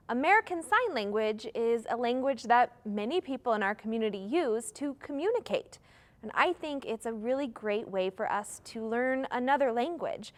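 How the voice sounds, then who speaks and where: A young woman leading a live children's story time, talking in a singsong, encouraging way to young children. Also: on the high side.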